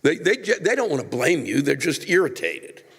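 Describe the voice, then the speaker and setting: A man's voice: a little high, big pitch swings, normal speed, fairly bright tone, husky, big-room sound. An older man, a comedian, ranting with profanity and exasperated outbursts while answering a viewer letter.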